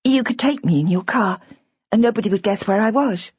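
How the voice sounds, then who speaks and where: A woman's voice: medium pitch, brisk, a little mellow, husky, no room sound, voice pushed up. A woman voicing an anxious young bride in an audiobook, talking in a rambling, upset way. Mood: pleading. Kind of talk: audiobook character voice. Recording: dull, lo-fi audiobook recording.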